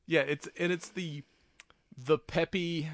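A man's voice: fairly high pitch, steady tone, slow, dry recording, clean studio sound. A man hosting a casual podcast chat, joking around and laughing often. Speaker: podcast host.

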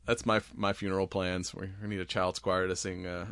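A man's voice: deep voice, little pitch movement, a little fast, a bit bright, dry recording. Rambling, laughing man recapping a movie. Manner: rambling, laughs often, swears freely. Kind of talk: casual movie recap chat.

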